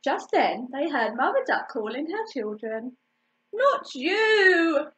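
A woman reading a children's picture book aloud in an expressive way, stopping to ask the listener questions. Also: high-pitched, moderate pace. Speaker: storytime reader. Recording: dull lo-fi recording.

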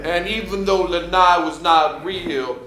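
A man playing a dim but earnest young football player who talks in slow, simple broken phrases with a slightly high voice. The sketch is recorded in an echoey room with faint noise behind. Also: bright, forceful tone. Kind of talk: sketch comedy acting. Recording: roomy studio echo.

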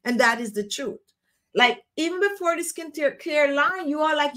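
A woman's voice: sits high, animated, normal speed, pushed and bright. A woman with a Jamaican accent hosting a casual live show, talking in an earnest, encouraging way and repeating phrases for emphasis. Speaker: host of a skincare live show. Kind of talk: casual live-stream chat.

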